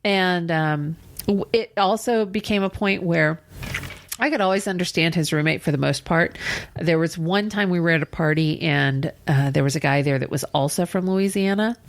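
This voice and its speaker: Gravelly low-voiced woman telling stories. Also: normal speed. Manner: rambling storyteller, laughs often, swears casually. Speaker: podcast co-host. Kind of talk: casual chat.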